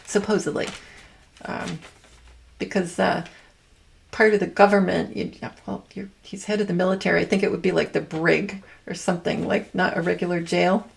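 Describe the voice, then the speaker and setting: A woman's voice: on the low side, gravelly. A woman hosting her channel, talking in a rambling, casual monologue, often stopping to correct herself and stressing key words. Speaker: channel host. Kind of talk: casual monologue decoding numbers.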